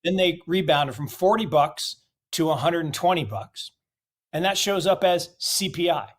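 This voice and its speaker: A middle-aged man from the United States answers an interviewer's questions with a slightly high voice. He is blunt and emphatic and piles up rhetorical questions to drive his point home. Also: lively intonation, normal speed. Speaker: investment guest.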